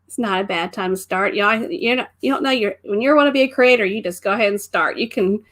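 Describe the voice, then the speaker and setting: A woman's voice: medium pitch, fast talker, a bit bright. A middle-aged woman co-hosting a casual live stream, greeting viewers by name and laughing often. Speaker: co-host of a live travel stream.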